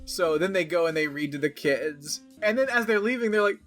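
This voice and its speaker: Dry-humored podcast co-host recapping a film. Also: male voice, fairly high pitch, animated, brisk, a bit bright, soft background music. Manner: dry, recaps plot with mock-quoted lines. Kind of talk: casual movie commentary chat.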